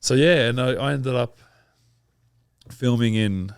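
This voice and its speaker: An Australian man in his thirties, chatting as a podcast guest in a relaxed, rambling way with frequent laughs. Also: mid-range voice, measured pace, clear, resonant tone, dry recording, studio quality. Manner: laid-back, rambling, laughs often. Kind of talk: casual interview chat.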